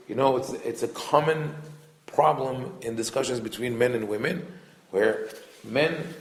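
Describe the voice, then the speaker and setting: A man teaches a Torah class as a rabbi, his voice carrying a gravelly edge. He explains thoughtfully, pausing on fillers and restarting phrases. The room around him is echoey. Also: mid-range voice.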